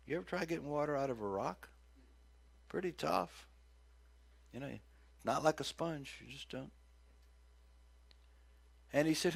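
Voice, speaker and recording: A middle-aged man preaching a sermon as pastor, folksy and joking, with big loud swings when he acts out cries. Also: mid-range voice, moderate pace, vocal fry, pauses often.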